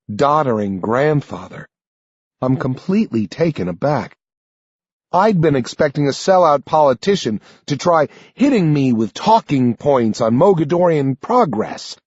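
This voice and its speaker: A husky male narrator reading an audiobook slowly, with a lively, rising-and-falling delivery. The sound is dull and lo-fi, and the recording is dry with no room echo. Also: medium pitch. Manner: measured, expressive first-person reading. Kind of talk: scripted narration.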